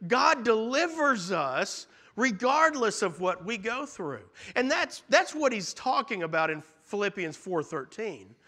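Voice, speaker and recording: A man's voice: sits high, sharp tone. A man preaching an earnest sermon, often restarting and repeating his phrases.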